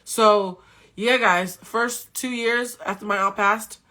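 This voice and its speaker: Candid coach on a live stream, woman with a bright, forceful voice, blunt and cussing. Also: medium pitch, steady tone, slow pace. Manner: candid, blunt, swears freely. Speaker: spiritual coach and tarot reader. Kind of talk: casual live-stream storytelling. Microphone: phone.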